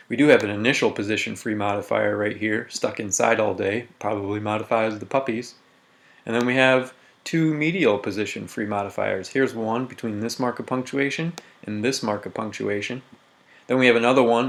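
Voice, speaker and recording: Guy teaching grammar on a recorded lesson, kinda low voice, walks through it step by step, keys clacking in the background. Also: gravelly. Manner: methodical, reads example sentences slowly with emphasis.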